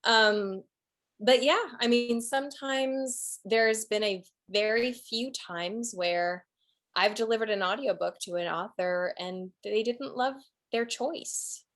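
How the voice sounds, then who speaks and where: A woman's voice: fairly high pitch, slow, a bit bright. A woman who narrates and produces audiobooks, talking casually in an interview and rephrasing her thoughts as she goes.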